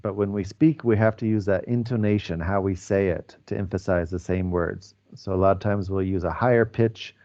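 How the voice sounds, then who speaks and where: A man teaches English to students over a video call, talking things through slowly and deliberately. His voice sits fairly low. The call audio sounds dull and lo-fi. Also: steady tone, dark tone. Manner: slow, deliberate explaining. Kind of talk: online class teaching.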